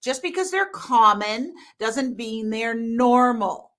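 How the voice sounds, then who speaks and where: A woman speaks slowly in a slightly high voice, hosting a live stream as a hormone coach. She chats casually with her viewers, animated and laughing a lot, making her points bluntly and with emphasis.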